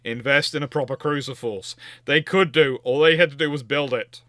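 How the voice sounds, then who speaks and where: Man host for a live Q&A show, talkative and emphatic, bright tone, dry close sound. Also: mid-range voice, normal speed, no echo. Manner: chatty, emphatic, thinks aloud with restarts. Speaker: naval history livestream host. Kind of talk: casual livestream Q&A.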